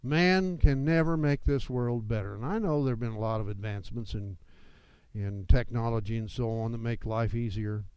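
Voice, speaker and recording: A man's voice: medium pitch, normal speed, darkish tone, clear, resonant tone, no echo, poor audio. A man preaching a sermon as pastor, with emphatic delivery that rises and falls.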